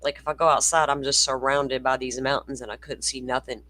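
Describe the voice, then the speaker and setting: A woman's voice: extremely low pitch, steady tone, a little fast, a bit bright. A woman from Florida with a Southern accent, hosting a casual livestream chat; she swears freely, rambles and laughs often. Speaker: livestream host.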